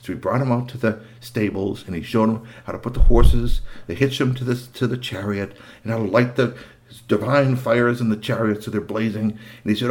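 A man's voice: on the low side, steady tone, fairly quick, a little mellow. A man telling a myth to children with chatty asides. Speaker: storyteller. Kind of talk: animated storytelling for children.

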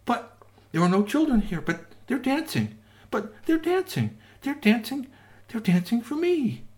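A kindly old toy shop witch from a storybook, gushing with high, breathless exclamations, as a man acts her out. Her voice leaps far above the narration and swings widely. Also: huge pitch swings, unhurried, darkish tone, heavily acted. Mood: amazed.

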